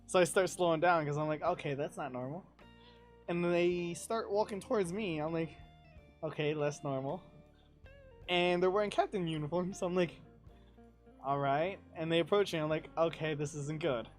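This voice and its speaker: A man's voice: on the high side, moderate pace, soft background music. A young man, a podcast guest, telling a travel story in casual chat, swearing freely and laughing as he talks. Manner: profane, animated, laughs through his story.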